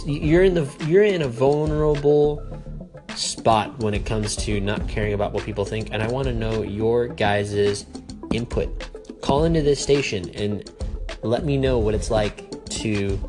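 A man's voice: mid-range voice, unhurried. A young American man hosting his own radio talk show, stuttering and stumbling over his words as he chats casually. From United States. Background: music.

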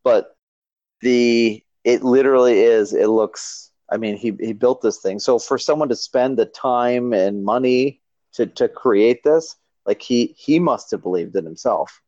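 A man's voice: mid-range voice, unhurried, dark tone, no room sound, muffled recording. A man co-hosting a podcast in casual chat, with a dry, wry sense of humor. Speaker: podcast co-host.

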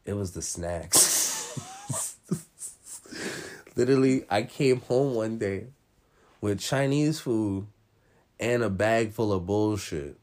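A man's voice: fairly low pitch, animated, takes it slowly, pauses often, a little mellow. A young adult man talking in loose, slangy, profane casual chat while telling a story.

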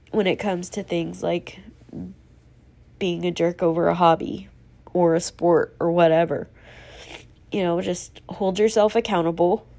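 A woman's voice: lowish voice, a little mellow. A woman hosting a solo podcast, talking in a rambling, earnest, self-reflective way and running out of breath. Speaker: podcast host. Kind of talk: solo casual podcast monologue.

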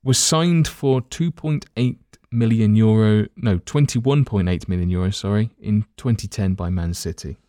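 A man's voice: fairly low pitch, moderate pace, hardly any pauses, mellow, dry recording, studio quality. A man hosting a casual football quiz among friends, reading clues and teasing the players. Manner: teasing, reads clues with playful asides. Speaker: quiz host.

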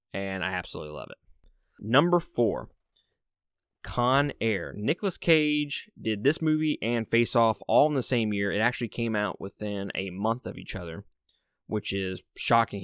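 A man's voice: on the low side, a bit bright, clear, resonant tone, no echo, clean studio sound. A young man from the American South with a Southern accent, casually counting down his favorite movies in an enthusiastic, opinionated way. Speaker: movie reviewer.

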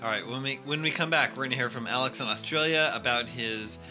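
Bright-voiced man reading listener mail. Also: mid-range voice, fast talker, faint music behind. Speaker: podcast host reading listener letters. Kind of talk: casual comedic chat.

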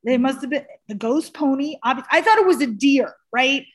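A woman hosting a podcast, chatting casually in an animated, rambling way with frequent laughter and fillers. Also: high-pitched, fairly quick. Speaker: podcast host. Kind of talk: casual chat.

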